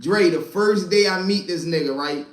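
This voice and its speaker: At a moderate pace and with a high-pitched voice, a storyteller and channel host rambles through a profane street story in front of a live audience. His telling is loose and packed with asides, captured with a roomy echo.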